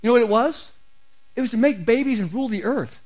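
A man's voice: very high voice, animated, quick pace, darkish tone, low-quality recording. A man preaching a sermon as pastor, emphatic and repeating key phrases for stress.

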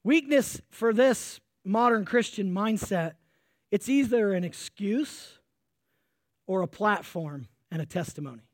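High-voiced man preaching energetically. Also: no room sound, clean studio sound. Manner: energetic preaching, swinging from loud emphasis to quiet intensity. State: sweating. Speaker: pastor. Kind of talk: sermon.

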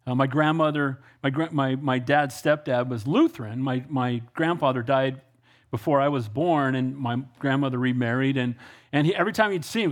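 A pastor delivers a sermon in a notably high voice, moving between quiet asides and bright, climbing emphasis. He tells stories, poses pointed questions and calls for amens.

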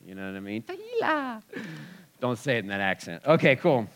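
A man preaching a sermon in a church, moving from soft asides to loud exclamations. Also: fairly low pitch, quick pace, smooth. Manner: animated, swings from soft asides to loud shouts. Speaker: pastor.

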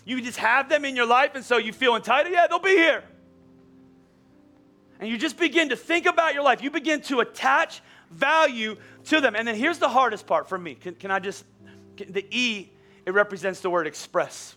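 A middle-aged man preaching a sermon as pastor, conversational and animated, at times rising to near-shouts. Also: high-pitched.

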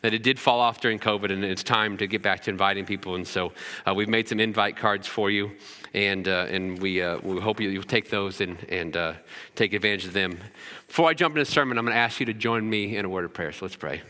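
Bright-voiced pastor in a reverberant church. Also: male voice, lowish voice, fast. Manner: conversational, frequent fillers and restarts. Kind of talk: sermon. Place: church sanctuary. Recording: long hall reverb.

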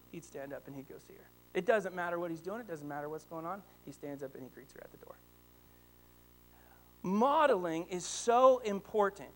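A man in his thirties preaching a sermon, telling animated personal stories about his father and rising to excited outbursts. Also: sits high. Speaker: pastor.

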